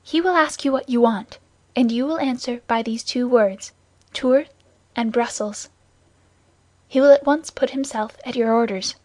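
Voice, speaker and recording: A woman's voice: on the high side, a little slow, darkish tone, no room sound, lightly acted. A woman voicing a frightened, secretive young woman in an audiobook, with urgent, pleading questions.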